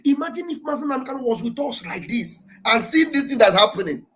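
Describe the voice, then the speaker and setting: A Nigerian man giving live political commentary, animated and mocking, often laughing and mimicking others, with a preacher-like fervor. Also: very high-pitched, fast talker, poor audio. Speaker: livestream commentator.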